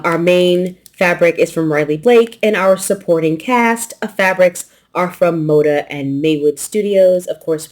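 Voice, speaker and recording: Woman host with a light Southern twang, lowish voice, chatty and loose, slurs some consonants. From New York. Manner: relaxed, rambling, swallows consonants. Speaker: quilting channel host. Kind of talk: casual unboxing chat.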